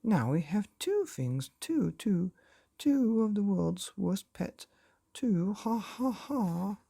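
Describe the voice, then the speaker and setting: Male reader voicing a put-upon father in a bedtime storybook, spluttering and indignant, raspy edge. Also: high voice, big pitch swings, slow pace, dark tone, voice pushed up, exaggerated voice. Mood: manic. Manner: spluttering, exasperated. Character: flustered put-upon father, middle-aged man.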